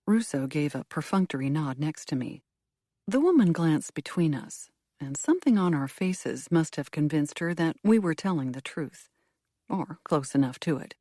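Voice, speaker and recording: A woman narrating a first-person mystery audiobook in an expressive storytelling manner. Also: deep voice, moderate pace, no echo, studio quality.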